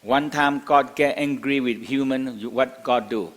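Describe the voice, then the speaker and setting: A man's voice: mid-range voice, unhurried, a bit bright. Older man lecturing in broken English. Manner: non-native English, broken grammar, chuckles often, asks rhetorical questions. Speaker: teacher. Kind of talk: spoken lecture to a class.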